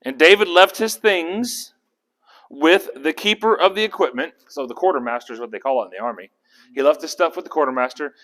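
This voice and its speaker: A man's voice: on the high side, fairly quick. A man leading a casual Bible study, talking through the passage and asking his group questions. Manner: animated, acts out characters' lines; conversational, asks the group questions.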